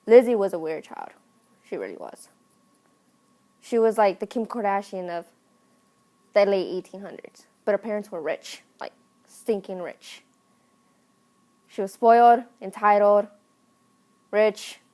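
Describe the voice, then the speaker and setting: A woman telling a comic story in a casual, deadpan way full of slang. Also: medium pitch, moderate pace. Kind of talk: comedic storytelling.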